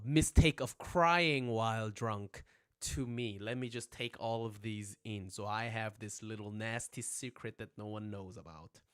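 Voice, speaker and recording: A young man teaching casually on a livestream, joking, rambling and swearing, with constant "right?" check-ins, recorded on a phone at home. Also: medium pitch. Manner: joking, rambling, profane, says "right?" a lot.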